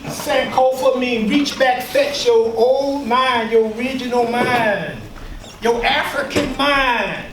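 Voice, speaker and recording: Speaking slowly in an extremely high pitch, a man leads a workshop, addressing a live audience emphatically like a preacher, using call-and-response and mocking asides. Background noise mixes with an echoey room and a distant mic.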